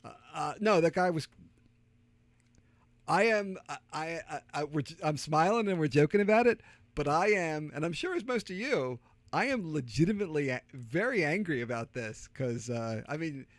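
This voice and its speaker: A man's voice: a little high, lively intonation, moderate pace, no echo. A middle-aged man with a Delaware County Philadelphia accent, chatting casually as a podcast co-host and telling rambling stories full of fillers and restarts. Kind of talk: casual chat.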